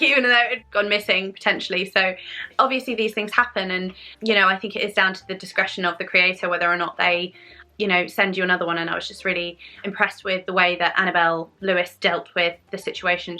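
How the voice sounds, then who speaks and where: A woman's voice: medium pitch, pushed and bright. A woman showing off her new tarot and oracle decks in a casual vlog, gushing and enthusiastic about the artwork. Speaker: tarot YouTuber. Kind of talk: casual show-and-tell haul.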